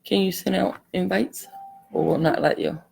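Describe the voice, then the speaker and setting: A woman's voice: lowish voice, steady tone, moderate pace, gravelly, a little mellow, slightly rough. A woman hosting a live craft tutorial, chatting in a rambling, apologetic way as she works. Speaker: craft channel host.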